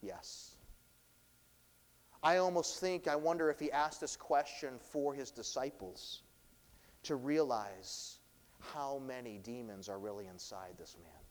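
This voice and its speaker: A pastor delivering a sermon, preaching with swelling, dramatic emphasis. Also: male voice, mid-range voice, expressive, a little slow, long reverb tail.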